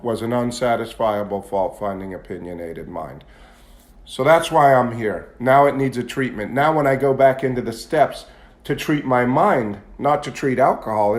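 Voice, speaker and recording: A man giving a candid, confessional talk at a recovery meeting, at times building into agitated intensity. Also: mid-range voice. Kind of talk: personal testimony talk.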